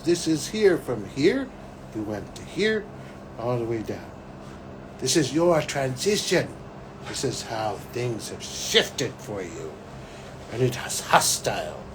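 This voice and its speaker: A man, a psychic, talking to camera as he recounts a vision, animated and breaking into excited exclamations. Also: a little high, a little hiss or hum, rough recording. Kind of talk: solo talk recounting a vision.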